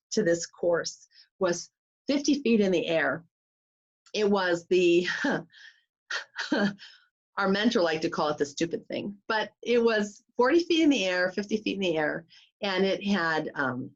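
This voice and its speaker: A woman life coach telling a personal story in an animated way, acting out the voices of others. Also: medium pitch, measured pace, pauses often. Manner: animated, acts out quoted voices. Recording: slightly muffled recording.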